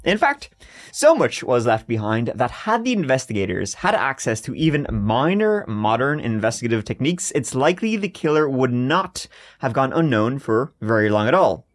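A young man narrates a true-crime story on a podcast with a very lively voice that climbs and dips as he goes. He keeps it casual and jokey, riffing on his own story as he tells it. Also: mid-range voice, moderate pace.

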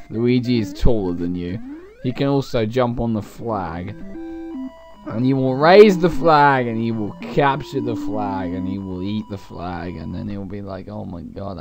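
A young man narrates his gameplay in a sarcastic, rambling comedic style, speaking to his viewers. He swings between dry asides and loud outbursts. Faint plucked guitar music plays behind him. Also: on the low side, unhurried. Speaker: let's play commentator.

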